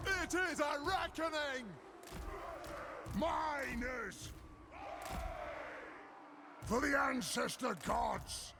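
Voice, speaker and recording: Gravelly, drawn-out roars from stout dwarf warriors in a battle video game. They bark orders and oaths with fierce pride, the voice high and strained from yelling. Game audio with loud battle noise underneath. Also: male voice, full character voice. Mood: battle cries. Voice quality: gravelly, always shouting. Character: gruff male dwarf warriors bellowing battle cries.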